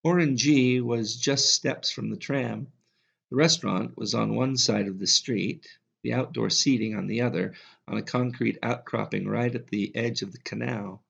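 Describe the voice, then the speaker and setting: A man reading a novel aloud in a calm, measured way as an audiobook narrator. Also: medium pitch, creaky, husky. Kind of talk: scripted narration. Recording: slightly dull lo-fi audio.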